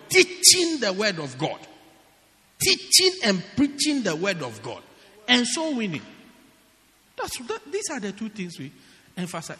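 A man's voice: very high voice, sharp tone, long reverb tail. A man preaching a sermon as pastor, in a teasing, joking, conversational way.

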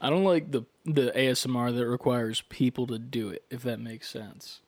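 Joking young co-host, dry sound. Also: male voice, mid-range voice, fairly even intonation, moderate pace, no echo. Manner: joking, slangy, drops into quiet asides. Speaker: podcast co-host. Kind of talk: casual chat.

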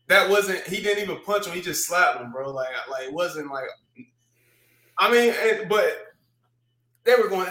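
Animated, profane man in casual chat. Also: fairly high pitch, moderate pace, echoey room. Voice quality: profane, rambling with restarts, animated when retelling.

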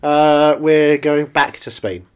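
A man's voice: a little high, slow pace, smooth. A man co-hosting a podcast in casual chat, rambling and joking with mock-grand asides. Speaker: podcast co-host.

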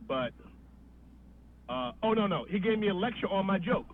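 Animated male storyteller on a tinny line. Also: sits high, moderate pace, pauses often. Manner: animated storyteller, acts out voices. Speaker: guest comedian. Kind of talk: storytelling on a podcast. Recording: tinny phone-like line with faint noise.

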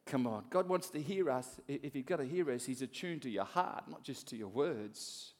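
A middle-aged man from Australia preaching a sermon as a pastor, swinging between soft asides and loud emphasis. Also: medium pitch, lively intonation, moderate pace.

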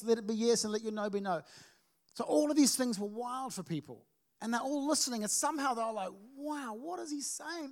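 High-voiced man preaching a sermon. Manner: storytelling, energetic with frequent restarts. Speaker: pastor. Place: church service.

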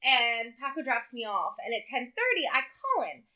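High bright voice, woman chatting, swings up and down a lot, tells funny stories. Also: moderate pace. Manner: lively storytelling, laughs through her story. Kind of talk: casual chat.

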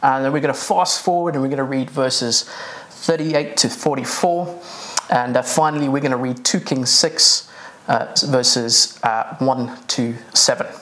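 A man's voice: mid-range voice, steady tone, a little slow, fairly bright tone. A man preaching a sermon in a conversational way, with many fillers and restarts.

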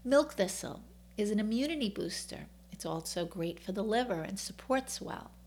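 A woman's voice: medium pitch, expressive, normal speed, darkish tone, a little hiss or hum. Upbeat woman with a New York accent. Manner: upbeat, enthusiastic, chatty asides. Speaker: wellness author and host. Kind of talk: scripted wellness talk to camera.

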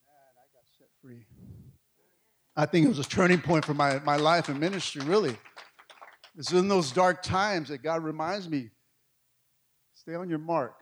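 A middle-aged male pastor, telling a story in a sermon, swinging between hushed and loud. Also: fairly high pitch, moderate pace, pauses often, slight background noise.

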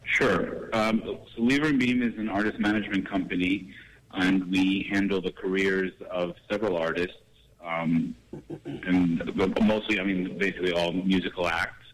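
A man talking as a guest in a radio interview, calling in and speaking in a measured way with many fillers. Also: sits low, fairly even intonation, poor audio. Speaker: guest, artist manager. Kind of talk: phone-in interview.

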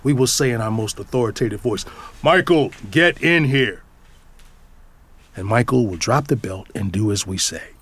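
Reflective low-voiced male storyteller. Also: fairly quick, hardly any pauses, breathy edge, no echo. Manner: reflective and tender, drops to a whisper at times. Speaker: father and storyteller. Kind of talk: scripted first-person storytelling. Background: background music.

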